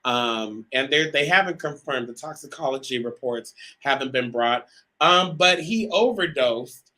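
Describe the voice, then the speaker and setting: Male live-show host, bright forward tone, chatty and direct with viewers, filler-heavy. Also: medium pitch, animated, a little slow, poor audio. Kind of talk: live talk show monologue.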